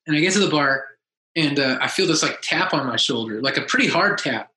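Man, casual storytelling, bright voice, fairly high pitch, acts out quotes, echoey room. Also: brisk. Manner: animated, acts out quotes in a raised voice. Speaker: podcast guest, musician.

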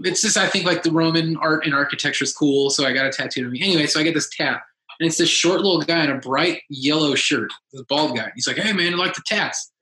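A man telling a story in casual chat, lively and acting out the quotes of others in a raised voice. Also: fairly high pitch. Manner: animated, acts out quotes in a raised voice. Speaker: podcast guest, musician. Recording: echoey room.

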